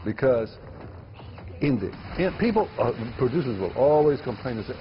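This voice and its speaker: A man's voice: medium pitch, big pitch swings, normal speed, big-room sound, lo-fi sound, slight background noise. A man, a filmmaker guest, answering interview questions emphatically and repeating words for stress.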